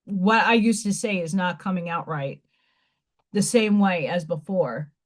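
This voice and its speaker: A woman's voice: fairly low pitch, a little slow. A woman with a fading Staten Island New York accent, chatting bluntly and rambling on her own live stream. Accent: faded Staten Island New York. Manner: blunt, rambling, frequent restarts. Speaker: livestream host. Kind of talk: casual live-stream chat.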